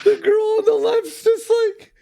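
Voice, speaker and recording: High, gravelly, giggling man. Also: steady tone, unhurried, dark tone, no room sound. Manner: giggling, crude jokes. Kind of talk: casual podcast banter.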